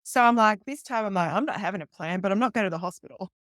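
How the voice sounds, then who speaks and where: A woman's voice: medium pitch, quick pace, no room sound, studio quality. A woman, a guest police detective, telling a story in casual talk and acting out the voices of the people in it. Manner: animated retelling, acting out quoted voices with laughs.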